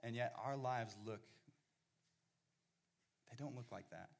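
A middle-aged male pastor preaching a sermon, often repeating and restarting his words as he builds up, at times nearly shouting. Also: mid-range voice, slow pace, gravelly. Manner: animated, repeats words, rising to near-shouting.

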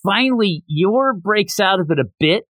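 The audio is poor and echo-free as a high-voiced man at a moderate pace hosts a podcast. He casually chats through a manga chapter, animatedly retelling it and quoting its characters.

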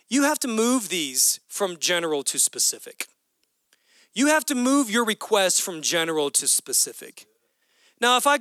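A man, a pastor in his thirties, preaching an animated, conversational sermon that acts out dialogue. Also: sits high, smooth, no echo.

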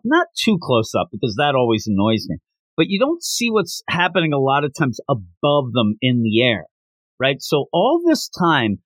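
A man hosting a manga podcast, recapping a chapter in casual commentary and breaking into quick acted quotes. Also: fairly high pitch, no echo. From United States. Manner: animated, breaks into quick acted quotes and mock announcer yells.

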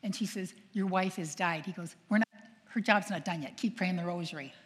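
An older woman, a nun, telling stories to an audience in a lively way, acting out quoted voices and asking her listeners questions. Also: fairly low pitch, fairly quick. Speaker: nun and speaker. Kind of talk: storytelling talk to an audience. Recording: long hall reverb.

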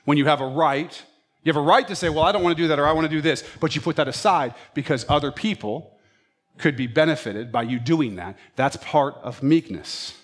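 A man preaching a sermon as a pastor, telling stories and acting out his pets' thoughts in an animated way. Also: fairly high pitch, brisk.

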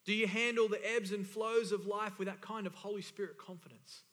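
High, bright-voiced emphatic male pastor. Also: steady tone, fairly quick. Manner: emphatic, repeats key phrases for stress. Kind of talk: sermon. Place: church hall. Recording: church hall reverb.

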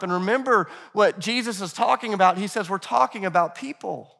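A man with a fairly high voice preaches a sermon in a loose, conversational way, as if talking with friends. He leans into the quoted voices of the people in the scripture he reads. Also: expressive, a little fast, vocal fry, few pauses, bright, forceful tone. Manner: conversational preaching, calls the congregation "guys". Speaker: pastor. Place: church in Nashville.

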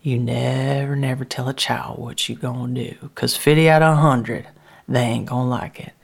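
A woman's voice: very deep voice, steady tone, moderate pace, creaky, breathy edge. A woman telling a rambling first-person story, often dropping into whispers. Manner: folksy, rambling, drops to whispers. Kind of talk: dramatic first-person monologue.

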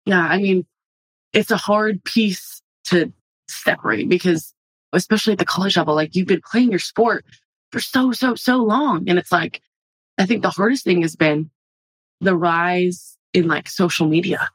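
A woman's voice: fairly low pitch, moderate pace, breathy edge, no room sound. Chatty young woman on a podcast. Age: 20s. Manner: animated and chatty, many "like"s. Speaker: college softball player, guest. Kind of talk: casual interview talk.

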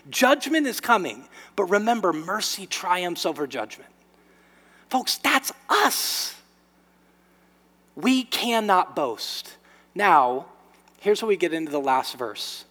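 A man preaching a sermon, telling stories and swinging from hushed, intimate moments to loud, emphatic exhortation. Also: a little high. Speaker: pastor. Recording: long hall reverb.

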